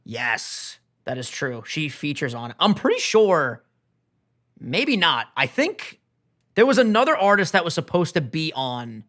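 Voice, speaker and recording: Male podcast co-host, lively jokey banter, sharp bright tone. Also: on the high side, a little slow. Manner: animated and jokey, hyped banter. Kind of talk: casual chat.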